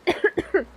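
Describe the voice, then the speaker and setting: A young woman streaming live, chatting playfully with her viewers, swearing casually and laughing often. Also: a bit bright.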